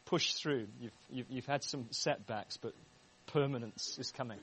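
A man leading a church meeting, speaking in a halting way with many restarts as he introduces a guest. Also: medium pitch, fairly bright tone, a little hiss or hum, poor audio. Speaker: church leader hosting the meeting.

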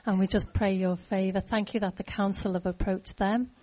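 A woman's voice: mid-range voice, fairly even intonation, moderate pace, mellow, a little hiss or hum. A woman praying aloud at a church meeting, repeating phrases earnestly. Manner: earnest, repetitive prayer phrasing. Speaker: church member. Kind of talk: spoken prayer.

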